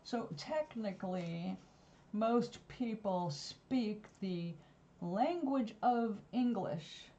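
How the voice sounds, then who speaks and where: Warm-voiced New woman rambling. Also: medium pitch, lively intonation, very slow. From New York. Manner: rambling, digressive storytelling. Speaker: vlogger. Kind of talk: casual chat. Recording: slightly dull lo-fi recording.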